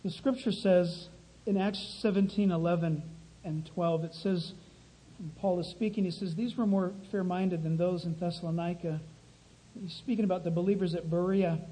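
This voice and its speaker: A man's voice: high voice, mellow, slightly rough, low-quality recording. A man hosting a show, reading scripture and indignantly commenting on clips of preachers. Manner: indignant, emphatic. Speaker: host critiquing preachers.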